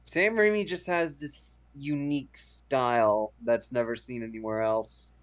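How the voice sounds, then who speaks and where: A man's voice: medium pitch, fairly even intonation, unhurried. A man co-hosting a casual movie podcast, chatty and laughing his way through stories. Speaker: podcast co-host.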